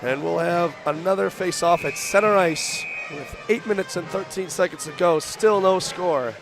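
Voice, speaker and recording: A young man doing radio play-by-play for a college hockey game, rattling off rapid calls that rise into shouts on shots. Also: sits high, over music. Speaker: play-by-play announcer. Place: arena broadcast booth.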